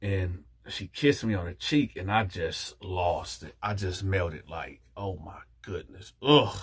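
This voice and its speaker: This channel host's voice sits low, with a breathy edge, and he takes his time. Spinning a casual, animated tale, he performs the characters' lines himself and talks straight to the audience.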